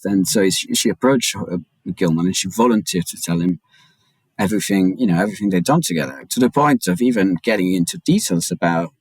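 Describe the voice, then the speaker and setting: Guest journalist: deep-voiced man, quick and stammering storyteller. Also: breathy edge, no echo, poor audio. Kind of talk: casual interview chat.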